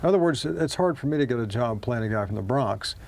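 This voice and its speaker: Rambling, gravelly-voiced man from the South. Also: medium pitch, expressive, darkish tone, dry recording. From American South. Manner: rambling, halting with many fillers, wry. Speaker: guest, actor. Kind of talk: casual chat.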